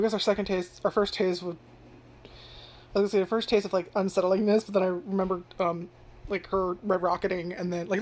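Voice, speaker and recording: Rambling, foul-mouthed woman reviewing anime. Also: fairly low pitch. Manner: rambling, heavy use of filler words and frequent swearing; animated, jumps into loud acted-out reactions. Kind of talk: casual first-impressions commentary.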